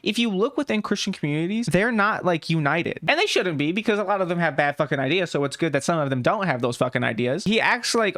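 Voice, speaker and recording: A woman's voice: on the low side, lively intonation, fairly bright tone. A young woman giving casual reaction commentary, blunt and sarcastic, swearing freely and peppering her talk with "like.". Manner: frequent "like" fillers and quick laughs. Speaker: reaction YouTuber.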